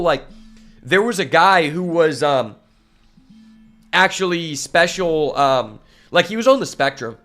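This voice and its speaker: A man chats while playing a card game, spinning a long story full of fillers and curse words. His voice sits a touch high for a man. Soft guitar music plays underneath. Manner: rambling, swears freely, many fillers. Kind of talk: casual storytelling while gaming.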